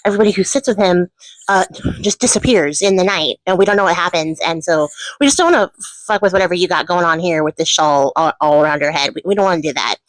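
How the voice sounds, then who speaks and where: A woman's voice: on the low side, quick pace, no room sound, pitched below the performer's own voice, natural voice, low-quality recording. A woman voicing a wary castle housekeeper who talks hesitantly and bluntly, with swearing.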